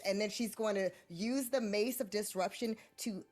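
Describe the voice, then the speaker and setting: A woman's voice: mid-range voice, normal speed, darkish tone, faint music behind. A woman playing in a tabletop role-playing game, describing her character's actions hesitantly with many ums and likes. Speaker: player.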